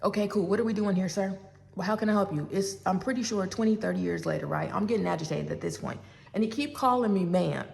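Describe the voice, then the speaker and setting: A woman in her forties telling a personal story in a casual, animated way. She acts out both sides of a phone call and keeps talking straight to her listeners. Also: mid-range voice, gravelly. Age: 40s. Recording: long reverb.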